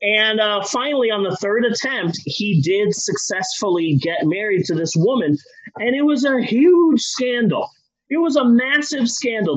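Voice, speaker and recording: A man co-hosting a podcast, telling a history story in a comedic, profane and animated way over dull lo-fi sound. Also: high voice, breathy edge.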